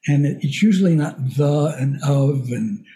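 A man's voice: a little high, animated, moderate pace, mellow. An older man, a voice coach, explaining breathing and speech in a casual podcast conversation, patiently acting out examples as he goes.

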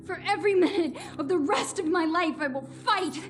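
High, tearful defiant princess. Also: female voice, moderate pace. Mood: desperate defiance. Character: defiant young princess, long-trapped, desperate. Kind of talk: animated film dialogue. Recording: film clip with loud music behind.

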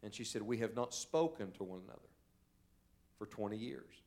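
A male evangelist preaching a sermon in a church service, telling stories and swinging from loud, urgent calls to quiet, hushed moments. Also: lowish voice, animated, moderate pace. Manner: storytelling preacher, swells loud then drops to a hush.

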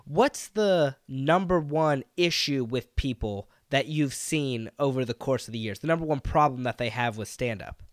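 A man hosting a casual interview, asking questions in a relaxed, curious way. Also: mid-range voice, moderate pace, hardly any pauses, dry recording, clean studio sound. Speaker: interviewer host.

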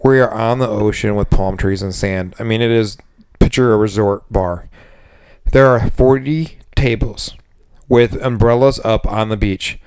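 A man's voice: steady tone, measured pace, a little mellow, smooth, dry recording, clean studio sound. A man co-hosting a podcast, venting about bartending with lots of swearing and mimicking customers. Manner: profane venting, mimics customers in high voices. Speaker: podcast co-host. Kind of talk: casual chat.

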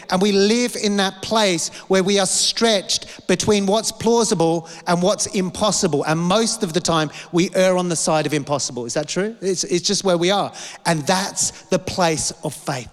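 A man with a high-sitting voice preaches a passionate sermon at a normal speed, repeating lines and posing rhetorical questions. A long reverb tail trails his words.

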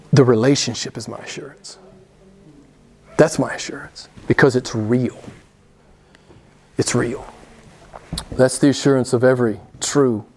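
A pastor with a medium-pitched, darkish voice preaches a sermon to a small group. He's emphatic, repeating his key phrases and posing rhetorical questions.

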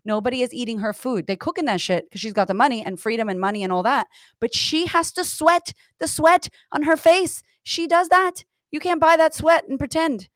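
A woman's voice: sits high, fairly quick, no echo, clean studio sound. A woman in her thirties, a coach and author of Puerto Rican heritage, chatting on a podcast in an emphatic, profane, motivational way. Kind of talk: casual podcast chat.

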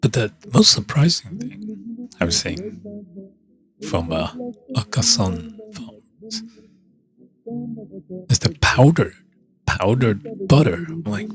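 A man hosting a show, rambling casually and thinking aloud with halting restarts. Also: medium pitch, wildly swooping pitch, creaky. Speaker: show host. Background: music playing.

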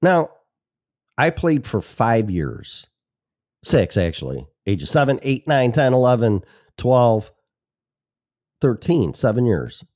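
A man's voice: medium pitch, big pitch swings, takes it slowly, long pauses, a little mellow, dry recording, clean studio sound. A man from the Chicago suburbs hosting a talk show, rambling alone at the mic in a sarcastic, profane way and interrupting himself. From Chicago suburbs, Illinois. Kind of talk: solo rambling monologue.

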